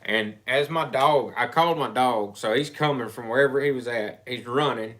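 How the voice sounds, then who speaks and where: A man telling a personal story in casual chat, rambling and halting with frequent restarts. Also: medium pitch, fairly bright tone.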